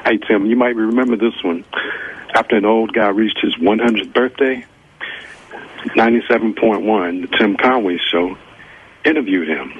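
A man calling in to a radio show, reading out a joke steadily in a gravelly, husky voice. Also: fairly low pitch, moderate pace, long pauses. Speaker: caller. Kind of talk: telling a joke on a call-in show. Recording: muffled phone line.

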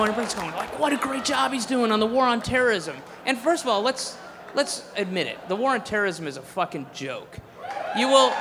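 A man's voice: sits high, background noise. A man doing a stand-up set, ranting in a profane, sarcastic way. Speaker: stand-up comedian. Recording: echoey hall with faint crowd.

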